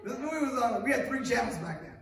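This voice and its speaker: A man's voice: very high-pitched, expressive, fast talker, a crowd in the background. A middle-aged male pastor preaching a sermon, telling stories with acted quotes and asides. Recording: echoey room picked up from a distance.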